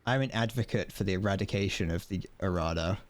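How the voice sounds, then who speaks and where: A young male streamer chats casually with viewers as he plays, swearing and laughing along the way. His voice is low-pitched and quick.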